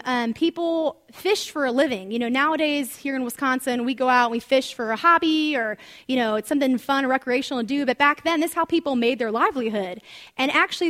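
A woman teaching from the Bible in an animated, conversational sermon full of asides. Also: high voice. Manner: animated, chatty storytelling with asides.

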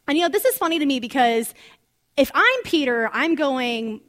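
A woman teaching from the Bible in an animated, conversational sermon full of asides. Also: sits high, moderate pace. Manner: animated, chatty storytelling with asides.

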